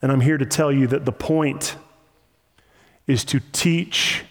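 A man's voice: mid-range voice, fairly even intonation, slow pace, long pauses. Man preaching in a reverberant hall. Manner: impassioned, emphatic repetition. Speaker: pastor. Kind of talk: sermon.

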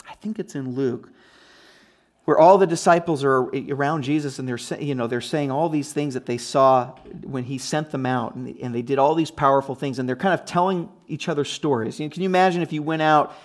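A man's voice: medium pitch, fairly quick. A man preaching a sermon in a conversational, emphatic way, with frequent restarts and asides. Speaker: pastor.

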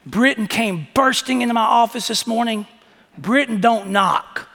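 A man's voice: very high voice, a little slow, pushed and bright. A man preaching a sermon as pastor, with impassioned, folksy storytelling. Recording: echoey hall reverb.

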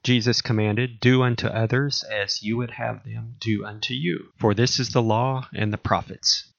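A man preaching, reading a long series of scripture commands aloud in a measured, solemn way. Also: medium pitch, steady tone, gravelly, a bit bright. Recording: dull lo-fi recording.

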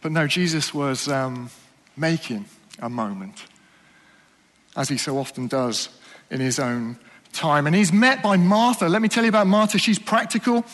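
High-voiced earnest male preacher. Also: long reverb tail. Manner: earnest, questioning, drops to soft slow emphasis. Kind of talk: sermon.

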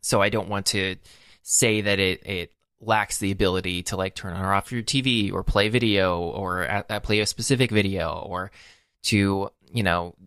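A man's voice: low-pitched, fairly even intonation, moderate pace, fairly bright tone, smooth, no echo, studio quality. A man co-hosting a podcast, chatting casually about tech, rambling with many fillers and restarts. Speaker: podcast co-host.

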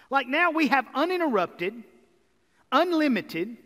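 A man preaching a sermon as pastor, energetic and building to emphatic repeated lists. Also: extremely high pitch, moderate pace. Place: church sanctuary. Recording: reverberant hall.

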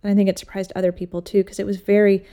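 A woman sculptor talking in a casual interview, telling stories in an animated way and acting out what others said. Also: medium pitch, racing. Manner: animated storytelling, acts out quoted voices. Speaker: sculptor, guest.

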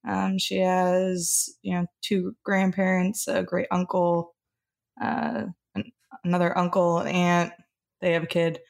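A woman's voice: lowish voice, monotone, a little slow, vocal fry. A woman playing in a tabletop game, casually introducing her character in an easygoing, slightly giggly way. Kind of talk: casual chat describing a character.

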